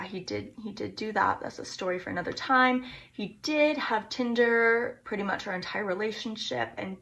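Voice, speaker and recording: A woman's voice: medium pitch, creaky, a bit bright. A woman recapping her dating life in a casual vlog, chatty and flippant, poking fun at herself. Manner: chatty, flippant, self-mocking.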